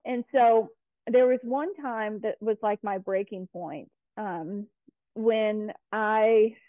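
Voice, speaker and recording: A woman's voice: medium pitch, slow pace, no echo. A woman guest in a casual interview, chatty and full of fillers and restarts. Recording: tinny phone-like line.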